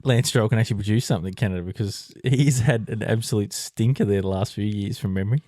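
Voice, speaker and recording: A man with a fairly low voice co-hosts a podcast in loose, casual chat. He swears freely and laughs often. The recording is dry and close. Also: quick pace, mellow, dry recording. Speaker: podcast co-host.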